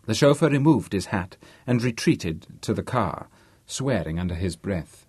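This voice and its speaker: A man narrating a novel audiobook in a measured, expressive way. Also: on the low side, slightly rough, no echo, studio quality. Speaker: audiobook reader. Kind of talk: scripted narration.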